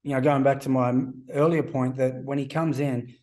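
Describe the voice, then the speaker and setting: A man's voice: medium pitch, steady tone, normal speed, darkish tone. A man in his forties, a former rugby player guesting on a casual podcast interview, telling anecdotes and acting out the voices of people he quotes. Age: 40s.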